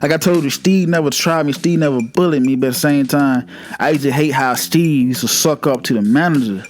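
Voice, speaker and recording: A man vlogger telling a personal story in a casual storytime monologue, animated and repetitive, with a lot of profanity. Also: medium pitch, brisk.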